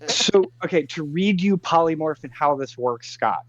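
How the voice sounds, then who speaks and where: A man's voice: a little high, animated, normal speed, highs cut off. A man playing a tabletop game, casually describing his turn and reading the rules aloud at length, with fillers. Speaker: player.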